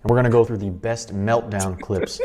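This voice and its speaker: Guy doing a scripted youtube intro, lowish voice, upbeat. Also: fairly even intonation, brisk, dark tone. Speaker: online commentary video host. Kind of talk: scripted video narration.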